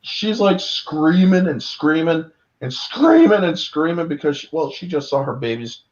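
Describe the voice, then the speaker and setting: A man in his thirties recounting a monster movie in casual chat, excitable and profane, acting out characters in voices. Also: fairly high pitch, a little slow. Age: 30s. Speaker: podcast panelist. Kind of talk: casual film discussion. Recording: dull lo-fi audio.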